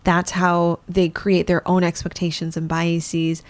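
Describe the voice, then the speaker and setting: A woman's voice: lowish voice, completely flat delivery, measured pace, darkish tone. A woman co-hosting a podcast, explaining psychology in a thoughtful way with some fillers. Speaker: psychologist co-host. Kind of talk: podcast discussion.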